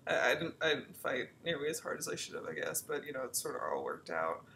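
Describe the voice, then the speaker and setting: A woman's voice: a bass voice, fast talker, a little hiss or hum. A young woman author telling a personal story in a casual vlog, frank and full of fillers, acting out quoted lines. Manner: chatty, frank, peppered with fillers and swearing; animated, acts out quoted lines. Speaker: romance author.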